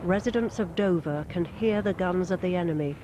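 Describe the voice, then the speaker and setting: A documentary narrator reading a scripted account in a measured, formal way. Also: medium pitch, background noise. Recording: narration over war sound effects.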